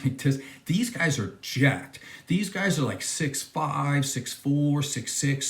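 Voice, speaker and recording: A man's voice: fairly high pitch, echoey room. A man hosting a reaction video, talking in a casual, emphatic and mocking way as he comments on a clip.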